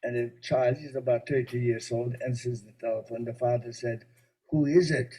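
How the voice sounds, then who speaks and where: A rabbi with a mellow, dark, mid-range voice teaches at a normal pace, his delivery flat. He explains ideas patiently and slips in small stories with gentle humor, giving his talk the easy rhythm of a spiritual lesson. The audio quality is poor.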